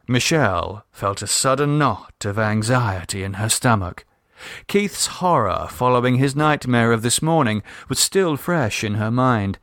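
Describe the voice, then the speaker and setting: A man narrating a novel expressively, with a voice that rises and falls a great deal. The sound is close and dry, with no room to it. His pitch sits in a middle range for a man. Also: a little slow, no room sound. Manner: expressive storytelling. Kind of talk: scripted audiobook narration.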